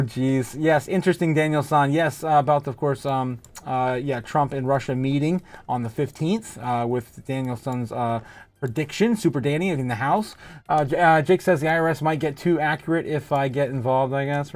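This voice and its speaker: A man's voice: on the high side, no room sound. A man hosting a casual livestream, reading viewer comments aloud and laughing often, close to a desk mic. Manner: giggly, laughs often, reads chat aloud. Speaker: livestream host.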